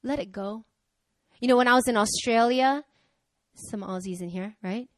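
Young woman preaching, lively and chatty, highish voice, dry close sound. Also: normal speed, no room sound. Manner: energetic, conversational, swings between loud exhortation and soft asides. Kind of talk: sermon.

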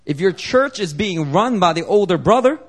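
A young man preaching a sermon as pastor, talking casually, climbing to emphatic peaks and dropping soft and low. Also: lively intonation, normal speed.

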